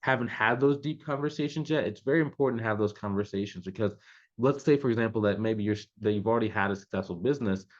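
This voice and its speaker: Low-voiced man giving casual business advice. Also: fast, lo-fi sound. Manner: loose and conversational, many fillers. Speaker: business coach. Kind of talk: casual advice talk to camera.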